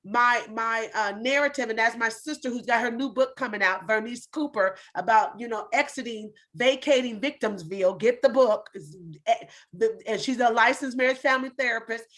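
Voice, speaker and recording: Woman host, fairly high voice, emphatic motivational preacher-style delivery. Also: normal speed, a bit bright. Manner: emphatic, preaching, faith-driven. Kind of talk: motivational talk.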